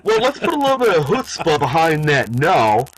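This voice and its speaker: A man co-hosting a political talk show, joking sarcastically with halting restarts. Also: on the high side, wildly swooping pitch, no room sound, poor audio. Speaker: podcast co-host. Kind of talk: casual political banter.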